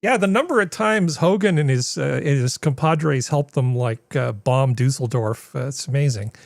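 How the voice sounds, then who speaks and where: A man's voice: medium pitch, vocal fry, no room sound. Male panel show host; rambling, filler-heavy casual chat, dry close sound. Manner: rambling, many filler pauses.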